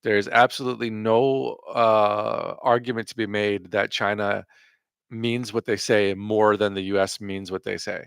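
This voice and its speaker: Male reaction host: low voice, dry close sound, blunt and profane. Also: little pitch movement, unhurried, gravelly, a bit bright, clear, resonant tone, dry recording. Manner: profane, sarcastic rebuttals. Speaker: commentary host reacting to clips. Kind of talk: reaction commentary.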